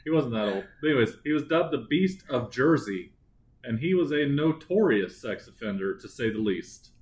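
A man's voice: mid-range voice, lively intonation, moderate pace, a little mellow, poor audio. Male podcast co-host, crude and jokey, ordinary middle-range voice. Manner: joking, crude, laughing often. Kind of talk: casual true-crime podcast chat.

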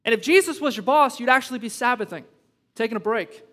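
A pastor preaches a sermon in a church sanctuary, where a large hall gives long reverb. His male voice is very high, fast, bright, and forceful, emphatic yet conversational, with bursts of humor and mounting intensity.

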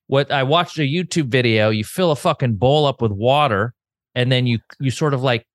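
A man's voice: mid-range voice, normal speed, no room sound, clean studio sound. A young man in casual podcast banter, teasing his friend in a laid-back way. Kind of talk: casual chat.

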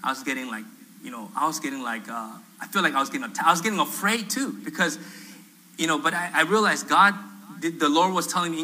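Male pastor, fairly high, very bright and forceful tone, lively storyteller who acts out quotes with humor. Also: quick pace, rough recording. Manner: animated, acts out quoted voices, self-deprecating humor. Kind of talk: storytelling sermon. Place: church sanctuary.

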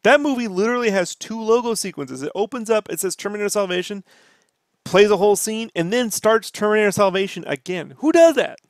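A man riffs on a podcast in a slightly high voice, profane and worked up as he rants. The sound is close and dry, with no room around him. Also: fast talker, dry recording. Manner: profane, ranting, animated. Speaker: podcast host. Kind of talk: casual podcast chat.

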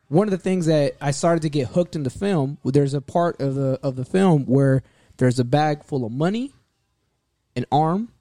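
A man's voice: on the high side, moderate pace, no echo, clean studio sound. A man in casual conversation reviewing a movie, swearing freely and acting out scenes as he retells them. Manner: animated, swearing, acts out scenes.

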